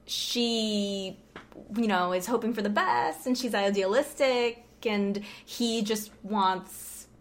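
A woman co-hosts a casual podcast. She talks slowly and hesitantly, filling pauses with ums and likes. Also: medium pitch, steady tone, slight background noise. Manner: hesitant, heavy with fillers. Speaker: podcast co-host. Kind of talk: casual chat.

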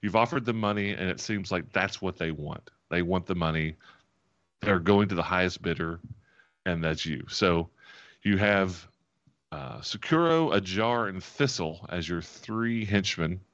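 Low-voiced man running a tabletop game. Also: a little slow. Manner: relaxed, rambling, chuckles often. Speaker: game master and host. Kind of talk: narrating a tabletop game and chatting. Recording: dull lo-fi audio.

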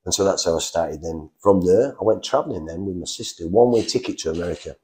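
A middle-aged man with an animated, conversational way of telling his story, slipping into other people's voices as he recounts dialogue. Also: low-pitched. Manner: animated, acts out dialogue with quick voice shifts. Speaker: interview guest sharing a faith testimony.

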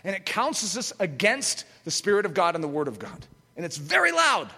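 Fiery, animated preacher with booming hall echo. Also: male voice, brisk, creaky, husky. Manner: emphatic, rhetorical questions, sudden loud outbursts. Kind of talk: impassioned sermon. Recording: echoey hall with long reverb.

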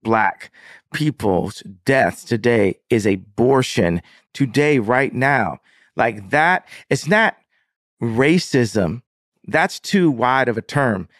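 A man's voice: mid-range voice, expressive, slow, a bit bright, no room sound, studio quality. A man as an interview guest, arguing insistently and repeating himself. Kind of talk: heated interview argument.

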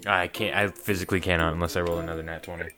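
A man's voice: low voice, flat delivery, racing, music in the background. A man playing a tabletop game, flustered and joking. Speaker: player.

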